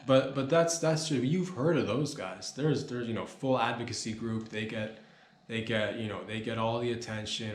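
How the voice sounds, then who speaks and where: A man's voice: mid-range voice, normal speed. A man hosting a comedy podcast, rambling in a mock-serious, slangy way. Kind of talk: rambling deadpan comedy monologue. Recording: roomy echo with faint noise.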